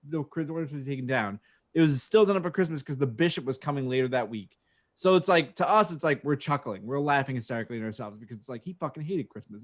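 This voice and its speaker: A man co-hosting a podcast, telling a rambling, profane story with frequent laughs from his home office. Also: a little high. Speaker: podcast co-host. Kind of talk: casual storytelling chat. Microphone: home office video call mic.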